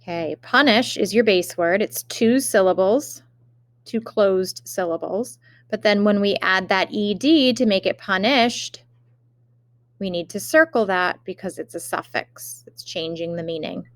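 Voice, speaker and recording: Slow, deliberate woman teaching spelling. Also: mid-range voice, dry recording, clean studio sound. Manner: slow, careful dictation with example sentences. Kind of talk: remote spelling lesson.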